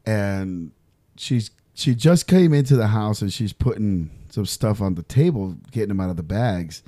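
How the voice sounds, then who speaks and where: Swearing, animated man telling a story. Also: lowish voice, moderate pace. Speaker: podcast co-host. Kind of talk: casual chat.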